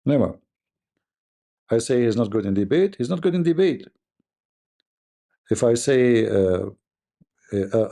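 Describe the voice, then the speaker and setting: A man's voice: mid-range voice, gravelly, mellow. A man hosting a livestream, ranting and mocking with frequent laughter, in non-native English grammar. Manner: mocking, emphatic, laughs often while talking. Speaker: livestream host. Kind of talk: casual ranting commentary.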